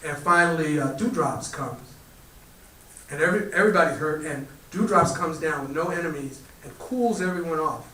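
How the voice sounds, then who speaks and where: A man, a community spiritual teacher, telling a parable to a live gathering in a relaxed storytelling way. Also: fairly high pitch, normal speed, slight background noise. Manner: relaxed storytelling, lively quoted animal voices. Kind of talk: storytelling talk to a live audience. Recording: roomy echo, voice from far off the mic.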